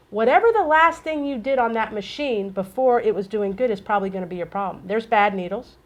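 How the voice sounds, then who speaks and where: A middle-aged woman co-hosting a casual chat, telling animated stories and acting out dialogue. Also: medium pitch, brisk, hardly any pauses. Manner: animated storyteller, acts out dialogue. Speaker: co-host.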